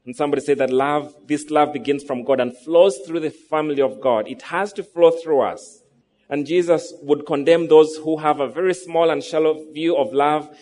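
A man in his thirties delivers a sermon in a voice that sits a little high for a man. He keeps drawing the congregation in with rhetorical questions. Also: darkish tone. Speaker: pastor.

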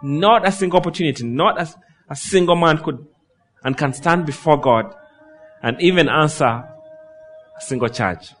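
A man preaching a sermon in a fairly high voice. He rises and falls dramatically and drops to a near hush on solemn lines. He slows right down when he leans on a key word. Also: faint music behind. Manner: preaching with dramatic swings in pitch and loudness, slowing on key phrases. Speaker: pastor.

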